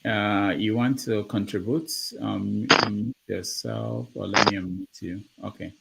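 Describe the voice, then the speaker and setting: Host on a video call, brisk, gravelly low voice, loud noise behind. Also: male voice, steady tone, recorded from a distance. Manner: brisk, managing speakers. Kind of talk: moderating an online discussion.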